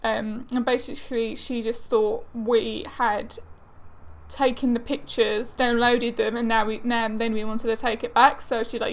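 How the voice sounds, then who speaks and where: A woman's voice: fairly high pitch, flat delivery, moderate pace. A young woman vlogging casually to camera, chatty and exasperated, with lots of fillers.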